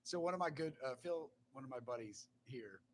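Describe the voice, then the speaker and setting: A man from Delaware co-hosting a casual live chat, excitable and quick to laugh. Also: medium pitch, a little hiss or hum. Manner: excitable, laughing, loud outbursts. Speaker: podcast co-host.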